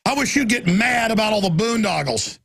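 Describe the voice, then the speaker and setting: A man hosting a radio talk show, ranting angrily and breaking into shouts, with a gravelly, husky voice. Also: sits high, lively intonation, fairly quick. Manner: angry, shouting in bursts, then weary and apologetic. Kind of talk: ranting monologue.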